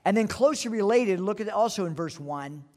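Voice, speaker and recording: A man's voice: high voice, lively intonation, a little fast, a little mellow. Earnest preaching man in echoey hall. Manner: earnest, emphatic preaching with repeated phrases. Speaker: pastor. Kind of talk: evening sermon. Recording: long reverb of a church hall.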